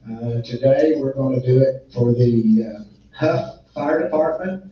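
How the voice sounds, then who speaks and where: A man running a land auction, his voice a little strained, switching between plain folksy announcements and a rapid rhythmic bid chant. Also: medium pitch. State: strained voice from illness. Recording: echoey muffled room recording from a distance.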